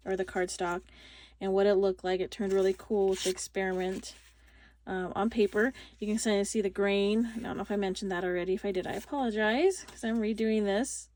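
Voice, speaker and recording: A woman's voice: mid-range voice, darkish tone. A woman hosting a casual craft tutorial, chatty and rambling, full of fillers and restarts, recorded on a phone.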